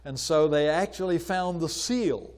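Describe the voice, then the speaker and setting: Here an older man gives an informal lecture on archaeology in a conversational way, with many pauses and fillers and the odd acted-out voice when he retells a story. He sits on the high side with a darkish tone.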